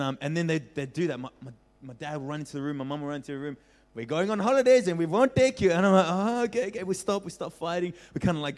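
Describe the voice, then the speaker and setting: A young man preaching as a pastor, telling a childhood story with lively acted-out voices and frequent laughter. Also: a little high. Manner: animated storyteller, acts out voices, laughs often. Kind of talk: storytelling sermon. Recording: reverberant hall.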